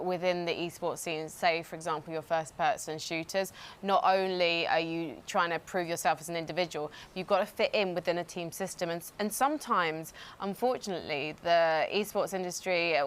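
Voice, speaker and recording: A woman's voice: on the low side, clear, resonant tone. A woman presenting a sports broadcast in a chatty, enthusiastic way.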